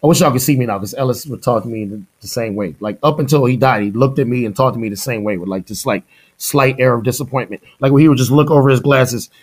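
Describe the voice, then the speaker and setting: A middle-aged man from Houston tells stories from his years as a drummer in a relaxed interview. He is animated, laughs easily and slips into the voices of the people he quotes. His pitch sits in a middle range for a man. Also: fast, breathy edge. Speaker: guest musician, drummer. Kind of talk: casual storytelling interview.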